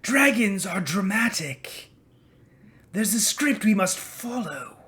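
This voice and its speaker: A woman voicing a weary, theatrical male dragon who sighs and speaks slowly, sometimes sinking to a whisper. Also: mid-range voice, sing-song. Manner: sighing, slow and hushed, drifts into a whisper.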